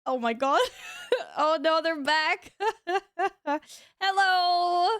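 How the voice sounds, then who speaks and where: A woman's voice: high-pitched, very slow, a bit bright, dry recording, clean studio sound. A woman streamer chatting casually with her viewers while gaming at home, laughing often and reacting aloud.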